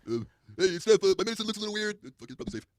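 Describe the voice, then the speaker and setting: A man's voice: high-pitched, sing-song, racing, no echo. A man playing a timid middle-aged husband who speaks nervously and hesitantly.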